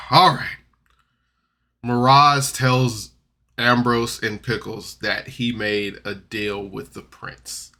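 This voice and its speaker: Guy rambling through an episode recap, lots of "like", punchy bright tone. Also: mid-range voice, flat delivery, slow pace. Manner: rambling, loose, full of "like" and restarts. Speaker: podcast reviewer. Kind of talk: casual recap and commentary.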